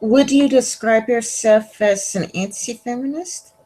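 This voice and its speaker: A woman interviewing a guest, speaking haltingly with many ums. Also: a little high, warm tone, low-quality recording. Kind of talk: casual interview questions.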